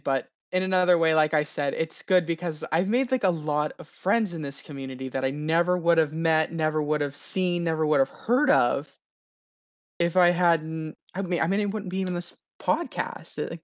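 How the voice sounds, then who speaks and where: A man's voice: fairly high pitch, a bit bright, no echo. A young man talking candidly as a podcast guest, rambling and laughing often. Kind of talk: casual podcast chat. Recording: dull lo-fi recording.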